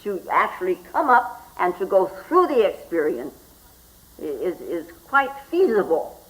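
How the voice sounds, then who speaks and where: An older woman, a Zen teacher, giving a slow, reflective spoken talk and often asking "hmm?" as she goes. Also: fairly low pitch, sing-song, low-quality recording. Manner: slow and reflective, with frequent questioning "hmm?" asides.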